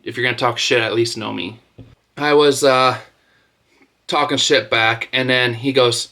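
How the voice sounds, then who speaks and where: A man's voice: medium pitch, fairly even intonation, unhurried, sharp tone. A man in his thirties ranting to camera as a street racing vlogger, mocking and trash-talking with lots of swearing.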